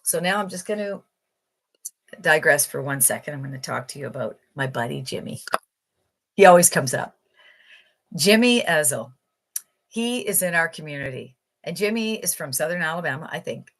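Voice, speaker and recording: Enthusiastic woman giving a sales pitch. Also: lively intonation, normal speed, long pauses. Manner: enthusiastic, emphatic, repetitive. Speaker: online marketing promoter.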